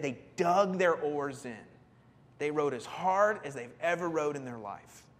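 A pastor preaches with a fairly high voice, lively and animated, and he acts out each person in the story as he goes. He keeps asking his listeners questions. A long reverb from a big hall trails after his words. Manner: animated, acts out quoted characters, asks the congregation questions. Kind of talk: sermon.

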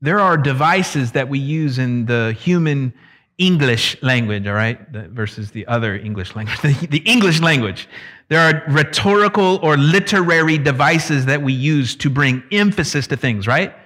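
A pastor delivers an expository sermon at a moderate pace, his voice swinging between loud emphasis and hushed, low drops. He slips casual asides in among the teaching.

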